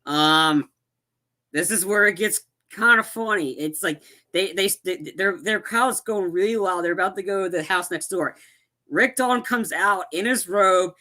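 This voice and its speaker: A podcast co-host casually recaps a movie plot, rambling along with frequent restarts and acted-out quotes. His voice sits high and sounds bright and forceful, and he talks a little slowly.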